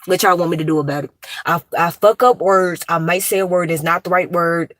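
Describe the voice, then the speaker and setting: Woman streamer, fast and blunt, low-set voice, dry phone mic in a car. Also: no room sound. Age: adult, grown. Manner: fast, animated, blunt and slangy, talks with her hands. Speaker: live streamer. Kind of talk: casual live stream chat. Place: in her car.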